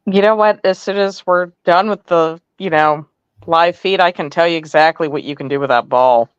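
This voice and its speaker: A woman's voice: on the low side, normal speed, clear, resonant tone, dry recording, lo-fi sound. A woman co-hosting a live stream who teases and sounds exasperated with the host's jokes. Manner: exasperated, teasing. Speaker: co-host. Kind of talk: casual live-stream banter.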